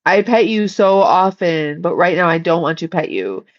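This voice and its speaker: A woman's voice: fairly low pitch, normal speed, dull audio. A woman casually chatting on a livestream, blunt and swearing freely while reading the chat and shooing her cat.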